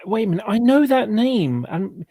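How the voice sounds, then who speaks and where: A man's voice: sits high, very animated, moderate pace, dark tone. A man telling a rambling story in casual chat, correcting himself as he goes.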